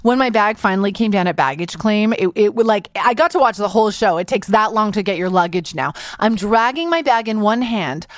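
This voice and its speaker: A middle-aged woman hosting a podcast, animated and sarcastic in a comedic monologue. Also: medium pitch, brisk, few pauses, no room sound, clean studio sound. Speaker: podcast host.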